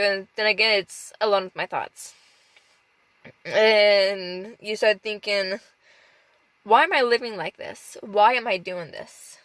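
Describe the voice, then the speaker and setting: A woman talking candidly and emotionally in a personal vlog from inside her parked car, halting and rambling as she speaks. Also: medium pitch, fairly bright tone, no room sound, rough recording. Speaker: off-grid dog musher vlogger.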